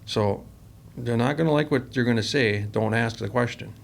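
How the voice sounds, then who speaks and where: On a podcast, a man who runs a company shares workplace stories in a rambling, laid-back interview style, acting out what people said. His mid-range voice is creaky and moves at a moderate pace.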